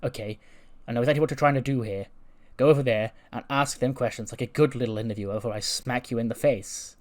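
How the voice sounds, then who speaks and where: A man's voice: medium pitch, quick pace, lightly acted. A man voicing a brash, cocky male wrestler who sneers at a reporter and threatens her. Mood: sneering.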